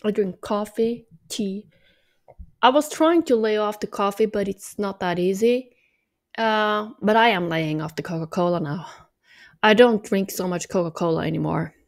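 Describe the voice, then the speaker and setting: In a rambling, ironic vlog chat, a woman from Norway talks at normal speed with a mid-range voice. A bit weary, she drawls along, cracking jokes and making fun of herself as the vlogger.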